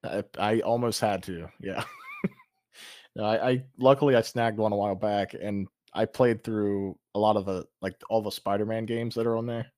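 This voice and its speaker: A guest chatting casually on a podcast, agreeable and quick to laugh. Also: mid-range voice, steady tone, darkish tone, no echo, clean studio sound. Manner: agreeable, laughs easily, many short replies. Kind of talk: casual chat.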